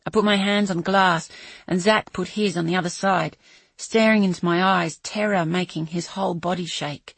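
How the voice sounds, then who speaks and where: A woman narrating a thriller audiobook in a measured, dramatic reading voice with a husky edge. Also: lowish voice, steady tone, no room sound. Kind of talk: scripted narration.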